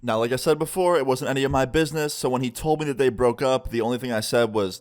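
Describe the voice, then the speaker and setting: A man's voice: medium pitch, fast talker. A young man casually telling a storytime tale to the camera, chatty and often ending lines with "okay?". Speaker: YouTuber. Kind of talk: storytime narration.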